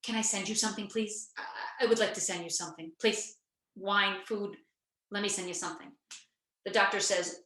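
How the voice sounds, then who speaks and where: Bright-voiced woman telling a funny story. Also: medium pitch. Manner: lively, acts out dialogue with quick asides. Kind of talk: humorous personal storytelling. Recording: echoey room sound.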